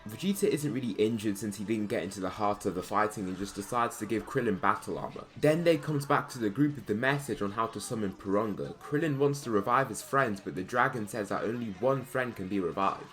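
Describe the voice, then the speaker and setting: A man narrating a fan-made story in a plain, steady way with casual asides. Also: on the low side, brisk, hardly any pauses.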